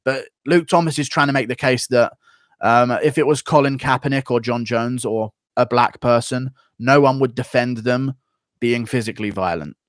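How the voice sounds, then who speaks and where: An American man hosts a livestream and reacts to chat in a blunt, profane rant. His voice sits in a middle pitch. The recording is dry and close. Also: normal speed, no room sound. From United States. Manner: profane, opinionated ranting. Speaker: streamer host. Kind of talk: livestream commentary, reading donations.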